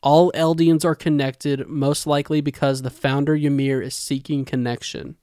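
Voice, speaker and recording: Man, podcast co-host, casual anime recap, smooth clear voice, fairly high pitch, dry close sound. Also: flat delivery, moderate pace, mellow, no room sound. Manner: recounting scenes and quoting dialogue.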